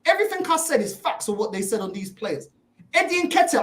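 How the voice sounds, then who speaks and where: A woman's voice: on the high side, sing-song, a little fast. A woman, ranting as a panelist on a fan discussion show, exasperated and mocking. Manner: exasperated, mocking, repeats "bro". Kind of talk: heated fan rant. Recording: echoey room.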